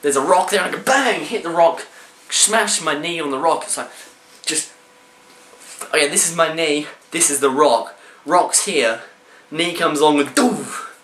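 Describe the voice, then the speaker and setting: A man tells a comic personal story, throwing in sound effects and shouted voices. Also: on the high side, unhurried, pauses often, slight background noise. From Australia. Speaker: storyteller vlogger. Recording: roomy echo.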